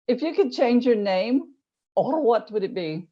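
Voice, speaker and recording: A woman's voice: a little high, lively intonation, unhurried, dark tone. A woman interviewing a guest on a video call, jokey and teasing. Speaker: interviewer at a club meeting. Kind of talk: lighthearted interview hosting. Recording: slightly dull lo-fi video call audio.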